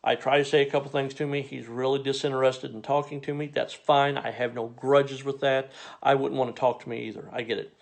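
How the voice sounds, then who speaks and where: A comedian from Missouri telling a funny story in a dry, exasperated way, sometimes breaking into incredulous rants. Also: male voice, medium pitch, level tone, a little fast, vocal fry. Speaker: stand-up comedian.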